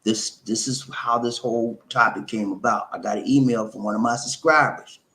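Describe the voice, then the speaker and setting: A man's voice: mid-range voice, steady tone, normal speed, pushed and bright. A middle-aged man hosting a live advice talk, preachy and repetitive, calling viewers his friends. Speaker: host of a relationship channel.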